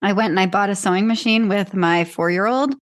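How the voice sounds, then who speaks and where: A woman's voice: mid-range voice, brisk. Wry, candid young woman. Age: young adult. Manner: wry, candid, laughing between lines. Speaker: podcast co-host, teacher. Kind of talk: casual chat.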